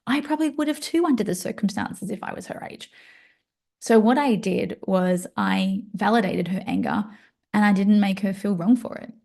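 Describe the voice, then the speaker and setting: A woman's voice: mid-range voice, moderate pace, gravelly. A middle-aged woman hosting a podcast, talking through a personal story in an earnest, coaching way. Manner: earnest, coaching tone with lively asides. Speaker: podcast host. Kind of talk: reflective podcast monologue.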